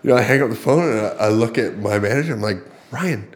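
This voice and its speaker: A man's voice: fairly low pitch, fast talker. A man telling a personal story in casual conversation, acting out what others said, with fillers and laughs. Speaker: podcast guest, fighter.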